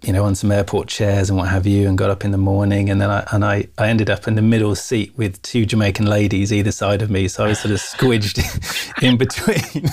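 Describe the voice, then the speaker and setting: A man, a guest telling his life story in a casual interview, animated, acting out the people in it. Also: on the low side, brisk. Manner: animated, laughs often, acts out quoted voices.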